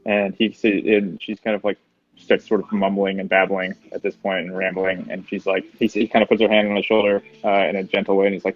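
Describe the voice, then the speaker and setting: A man's voice: low-pitched, flat delivery, brisk, lo-fi sound. A man narrating a tabletop game as game master in a rambling, hesitant way. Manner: rambling, filler-heavy, hesitant.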